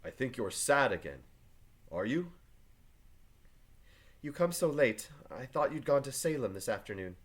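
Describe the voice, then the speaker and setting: A man voicing Elizabeth Proctor, a reserved farm wife, read quietly and plainly from a play. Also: medium pitch, very animated, a little slow, long pauses. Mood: guarded. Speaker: teacher reading a play aloud. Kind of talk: reading play aloud to a class.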